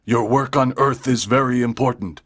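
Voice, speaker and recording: A woman voicing a commanding male alien leader who speaks with a strange, deep, husky voice, in a storybook reading for English learners. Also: normal speed, no room sound, clean studio sound.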